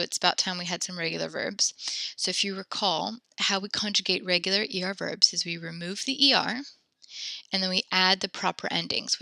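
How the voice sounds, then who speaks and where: A woman's voice: lowish voice, gravelly, bright, forceful tone, no room sound. A woman teaching a French lesson, explaining grammar step by step with frequent ums and self-corrections. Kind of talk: recorded classroom lesson.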